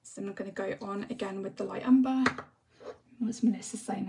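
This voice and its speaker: An English woman chatting casually while she teaches colouring on a live stream, often sinking into a soft half-whisper as she works. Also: medium pitch, normal speed, gravelly, pauses often, far from the mic, slight background noise. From England. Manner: relaxed rambling chat, often drops to a soft half-whisper while working. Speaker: colouring tutor.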